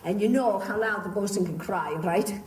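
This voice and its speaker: A woman with a medium-pitched, slightly mellow voice talks at a normal speed while running a pirate-themed audience participation show. She plays it theatrical and fond, calling volunteers love and darling. The echoey room is captured from a distance, with a faint crowd and noise.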